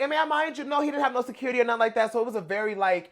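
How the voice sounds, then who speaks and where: A young man giving casual pop culture reaction commentary in an animated, gossipy way. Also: very high voice, racing, hardly any pauses. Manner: animated, gossipy, dramatic outbursts.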